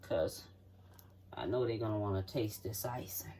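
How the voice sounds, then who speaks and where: Warm in tone and mid-range, spoken at normal speed, this voice belongs to a home cook walking viewers through a recipe in their kitchen. It's a folksy, chatty cooking demonstration with frequent "okay?" check-ins. There's slight background noise, and the voice is distant from the mic.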